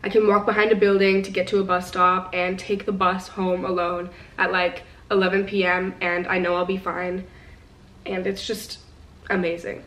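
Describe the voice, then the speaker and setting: A woman's voice: on the low side, little pitch movement, normal speed, a bit bright. Chatty teenage girl in a roomy space. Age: teens. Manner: chatty and rambling, lots of fillers. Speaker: vlogger. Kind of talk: casual vlog chat to viewers. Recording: roomy sound, some distance from the mic.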